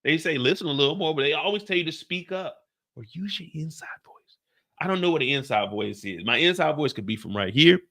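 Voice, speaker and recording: A young man from Kansas City hosting a casual livestream, talking loud and jokey and pushing his voice up to entertain. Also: fairly high pitch, lively intonation, fairly quick. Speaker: host of a TV show recap livestream.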